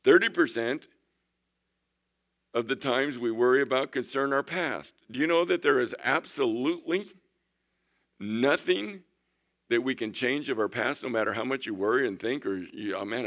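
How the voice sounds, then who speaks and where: Older man preaching with a bright voice. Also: mid-range voice, animated, normal speed, highs cut off. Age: 60s. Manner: folksy, swings from loud to hushed. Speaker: pastor. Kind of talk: sermon.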